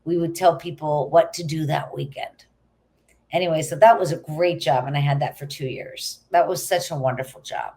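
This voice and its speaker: A woman's voice: deep voice, normal speed, mellow. A middle-aged actress, a woman, chatting casually as a guest and laughing easily. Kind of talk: casual interview chat.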